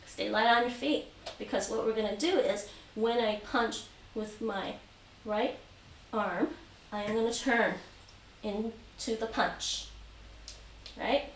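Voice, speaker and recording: A woman's voice: fairly high pitch, takes it slowly. A woman teaching taekwondo on a live stream, patiently repeating instructions and counting reps aloud. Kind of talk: live-streamed home exercise lesson. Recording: roomy echo, distant mic, faint noise.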